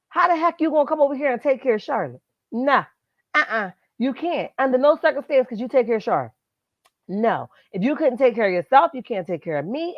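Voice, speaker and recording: Indoors at her workplace, a woman live streams casually on a computer mic, sassily and emphatically dishing celebrity gossip directly to her chat. Her voice is on the high side, and the recording is muffled with no room sound.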